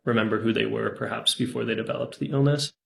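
A psychiatrist, a man, speaking slowly and thoughtfully in an interview clip. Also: mid-range voice, fairly even intonation, creaky. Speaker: psychiatrist and medical director.

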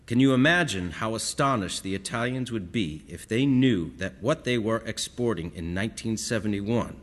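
A man's voice: on the low side, expressive, normal speed, big-room sound. A man reading a first-person story aloud in a wistful, reflective way. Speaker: audiobook narrator. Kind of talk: scripted first-person narration.

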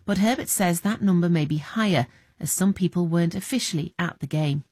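A woman narrating a documentary in a measured, even scripted read. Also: lowish voice, slightly rough, no room sound.

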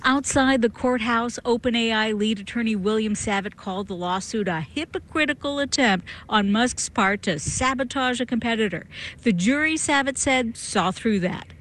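A woman reporting for radio news from a courthouse, explaining the case in a crisp, measured way. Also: fairly high pitch, fairly bright tone, slight background noise.

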